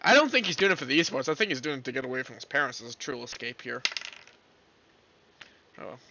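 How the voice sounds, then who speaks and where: A hoarse man from Canada, streaming while reading a visual novel aloud, casual, joking and swearing. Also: medium pitch, big pitch swings, quick pace, pushed and bright, a little hiss or hum. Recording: dull lo-fi.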